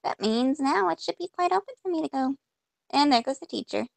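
A woman's voice: high voice, lively intonation, fairly quick, vocal fry, no room sound. A woman playing a point-and-click game, reading the on-screen text aloud and reacting with mock frustration as she goes. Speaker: gamer. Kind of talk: casual let's-play commentary.

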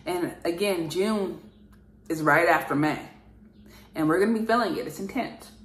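A woman's voice: lowish voice, moderate pace, reverberant. A woman speaking as a spiritual channeler in an earnest, repetitive monologue that rambles and is full of fillers.

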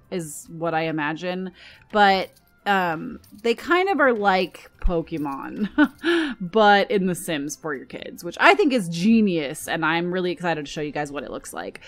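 A young American woman talking casually as she shows items in a game, gushing over things she likes, with a scratchy throat that keeps catching. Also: lowish voice. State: throat trouble and hiccups. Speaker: gaming YouTuber.

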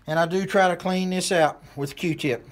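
This man has a high voice, fairly even intonation, and a normal speed. He hosts a hunting channel and speaks with a West Virginia accent, rambling in a folksy way with lots of fillers while showing how to do something hands-on.

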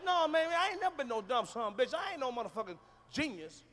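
A man performing a stand-up comedy routine on stage, loud and profane, shouting his punchlines. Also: very high-pitched, sing-song, fast, slight background noise. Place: large concert hall with audience. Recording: live hall recording with reverb.

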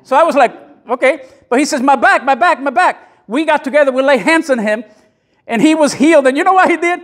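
A man preaching a sermon in a church, conversational and emphatic, with self-deprecating asides and pauses for the congregation's amens. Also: extremely high pitch. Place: church sanctuary.

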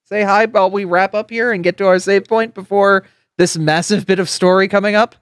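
A woman's voice: medium pitch, fairly even intonation, brisk, no echo, studio quality. A woman hosting a casual live stream, talking in a friendly, rambling way full of fillers and repeated words. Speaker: streamer and host.

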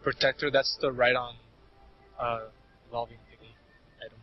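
A man's voice: mid-range voice, level tone, normal speed, a little hiss or hum. A man chatting casually with a gaming friend, joking and giving rambling explanations. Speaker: friend on call. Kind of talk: casual chat. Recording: lo-fi audio with faint game music.

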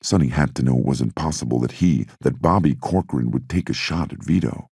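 Male audiobook narrator: steady reading, extremely low and raspy. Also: brisk, no echo, clean studio sound.

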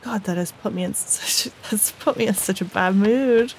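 A woman talks through a video game in casual commentary, indignant and cursing. Her voice sits at an ordinary middle pitch. A faint hiss runs under the recording. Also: moderate pace, poor audio. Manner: upset, indignant, swearing. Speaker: let's play gamer.

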